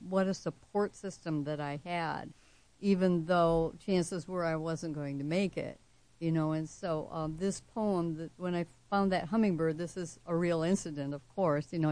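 A woman poet reading her own poem and then talking about it as an interview guest, soft-spoken with slow, measured emphasis. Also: on the low side, no room sound. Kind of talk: poetry reading and interview answers.

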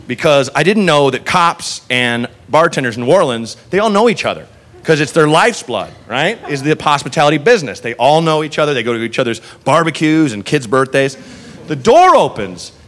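A man doing stand-up comedy, telling a story in an animated way with swearing and laughing asides. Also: fairly high pitch, fairly quick.

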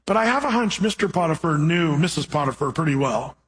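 A man preaching a sermon, reading scripture and then retelling the story with animated, playful asides. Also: a little high, fairly quick, poor audio.

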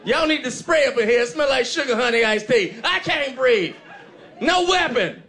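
A comedian voicing his loud, churchgoing older mother, yelling and laughing through her lines. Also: extremely high pitch, expressive, moderate pace, heavily acted.

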